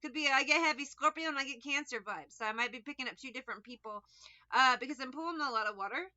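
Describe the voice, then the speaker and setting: A woman's voice: high-pitched, fast, sharp tone, dull audio. A woman giving a casual tarot reading, rambling, sarcastic and liberal with swearing. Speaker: tarot reader.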